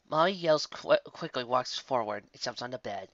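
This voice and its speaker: A woman reading a fan story aloud with expressive storybook narration. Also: very deep voice, moderate pace, hardly any pauses, no echo, lo-fi sound. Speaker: story reader.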